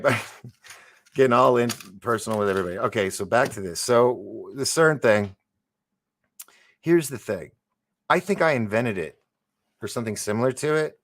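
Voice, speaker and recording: A man with a low, gravelly voice hosts a casual livestream and reads viewer comments aloud. He rambles, trails off mid-thought and restarts, with gasps and chuckles between remarks. The sound is dry, with no room echo. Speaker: livestream host.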